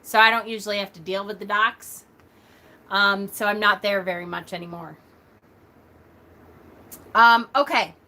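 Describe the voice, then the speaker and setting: A middle-aged woman teaching a casual livestream lesson, chatty and quick with lots of fillers, coughing now and then. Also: mid-range voice, steady tone. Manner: chatty, talks a lot and loudly and quickly, frequent fillers. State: coughing at times.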